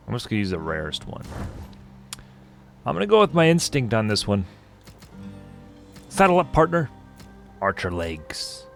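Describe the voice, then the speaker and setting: A man's voice: sits low, gravelly. A man giving casual let's-play commentary, joking and teasing himself as he thinks aloud through his gear choices. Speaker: gaming streamer playing through a game.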